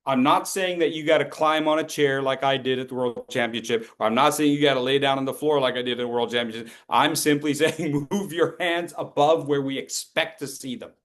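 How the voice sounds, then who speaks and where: A man teaching as a speech coach, lively and playful, acting out his students and throwing in sound effects. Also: medium pitch, fairly quick, hardly any pauses. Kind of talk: lively training talk.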